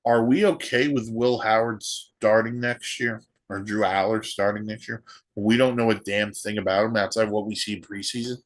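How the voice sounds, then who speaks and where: Ranting sports podcast host. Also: male voice, on the low side, steady tone, moderate pace. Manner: ranting, rhetorical questions. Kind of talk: solo sports podcast commentary.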